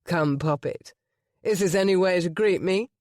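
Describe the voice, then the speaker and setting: A narrator voicing a smug, condescending older gentleman villain in an audiobook. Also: high-pitched, moderate pace, no room sound, clean studio sound, lightly acted. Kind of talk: audiobook character voice.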